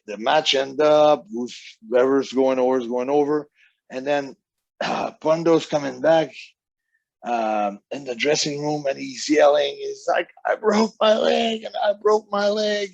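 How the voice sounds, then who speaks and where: A man's voice: medium pitch, gravelly, no room sound, highs cut off. A man, a wrestling guest telling long rambling stories in a casual interview, acting out the people he quotes. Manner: rambling anecdotes with quoted voices.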